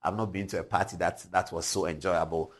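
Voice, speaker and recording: A man in his forties with a Ghanaian English accent, hosting a TV show, telling stories with animated energy and frequent chuckles. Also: low voice, fairly quick. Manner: animated, chuckling, swings from loud to hushed. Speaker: TV show host. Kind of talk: lively commentary and storytelling. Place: TV studio.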